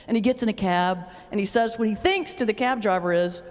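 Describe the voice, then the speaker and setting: A woman pastor giving a humorous lecture, telling lively stories and laughing often as she speaks. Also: medium pitch, brisk. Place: lecture hall. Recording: long hall reverb.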